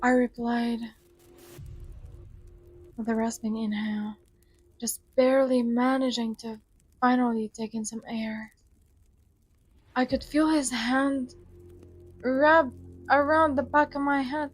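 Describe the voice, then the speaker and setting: A woman's voice: on the high side, fairly even intonation, slow, long pauses, faint music behind. A woman gaming YouTuber reading a survival visual novel aloud, mixing dramatic reading with joking commentary.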